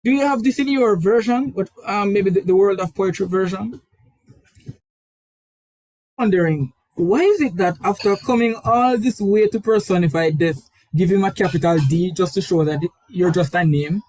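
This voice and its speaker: A man's voice: high-pitched, normal speed, a little mellow, dry recording, rough recording. A male literature teacher with a Caribbean accent, explaining a poem's form reflectively during an online lesson. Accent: Caribbean English. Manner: explanatory, reflective, with frequent fillers.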